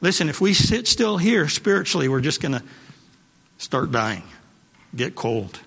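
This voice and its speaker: A man's voice: fairly high pitch, very animated, a little slow, creaky, fairly bright tone, slightly rough. A male pastor preaching a sermon, repeating his points and calling out to the congregation. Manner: preachy, repeats phrases for emphasis, calls to the congregation. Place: church sanctuary. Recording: long hall reverb.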